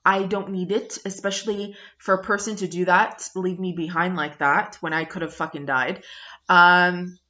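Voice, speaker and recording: A woman's voice: on the low side, fairly even intonation, normal speed, sharp tone. A woman vlogger ranting bluntly to camera, emphatic and full of swearing, on a dull lo-fi recording. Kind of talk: angry review rant to camera. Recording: dull lo-fi sound.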